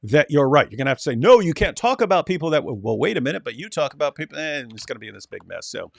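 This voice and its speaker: A man's voice: fairly high pitch, sing-song, racing, gravelly, dry recording. Man talking in a dry, close sound. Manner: storytelling, acts out quoted dialogue. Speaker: co-host. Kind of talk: casual reaction chat.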